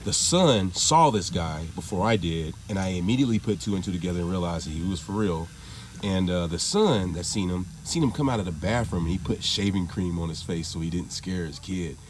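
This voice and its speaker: A man with a lowish voice rambles through a casual vlog monologue. He swears freely and shrugs things off with a loose, offhand delivery. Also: lively intonation, a little fast, a little hiss or hum. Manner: rambling, profane, laughing it off. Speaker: vlogger.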